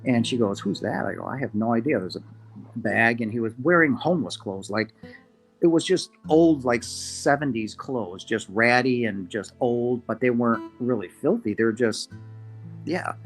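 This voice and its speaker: A man, a podcast guest, earnestly recounting a personal encounter, halting with restarts and quoting himself as he goes. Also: medium pitch, soft background music. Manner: earnest, halting, many restarts and quoted asides. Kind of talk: first-person storytelling.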